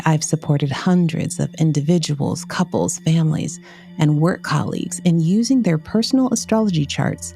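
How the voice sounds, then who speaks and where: A woman with a low, gravelly voice hosts an astrology interview podcast. She delivers a scripted intro over faint background music, then greets her guest in a chatty way. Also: dark tone.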